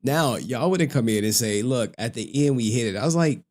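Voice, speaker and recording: A man's voice: mid-range voice, big pitch swings, normal speed, a little mellow. A man hosting a livestream, chatting casually and rambling to his viewers with frequent laughs. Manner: rambling, laughs often, talks to chat. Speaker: livestream host. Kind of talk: casual stream chat.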